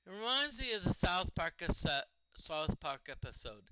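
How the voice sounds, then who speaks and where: A man's voice: sits high, very animated, moderate pace, few pauses, sharp tone, clear, resonant tone, no room sound, poor audio. A man casually commenting while streaming a retro role-playing game, chatting to the game and to his party members.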